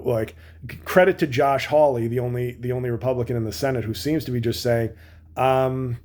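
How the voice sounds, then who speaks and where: A man, a comedian, delivering a sarcastic political commentary rant with mocking asides and animated bursts of emphasis. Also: mid-range voice.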